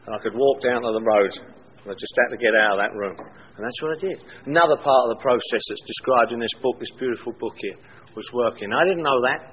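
At a recovery meeting, a man gives his personal testimony, telling blunt, colorful stories and acting out the dialogue. His medium-pitched voice is fast and fairly bright with a breathy edge, carrying a big-room sound. The dull, lo-fi live recording has a faint hiss.

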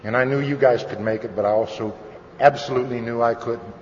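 A man's voice: mid-range voice, fairly even intonation, fairly quick. A man sharing his personal recovery story with an audience, candid and conversational, with wry humor. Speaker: speaker at a recovery meeting. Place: meeting hall. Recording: lo-fi recording with long hall reverb and faint noise.

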